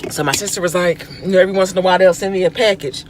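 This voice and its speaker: A woman from Florida tells a story in a relaxed chat while riding in a car. She talks expressively, with her voice jumping up when she acts out her own reactions. Faint road noise sits underneath. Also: fairly low pitch, rapid-fire. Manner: chatty, expressive, voice rises for quoted reactions. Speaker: vlog host. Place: inside a car.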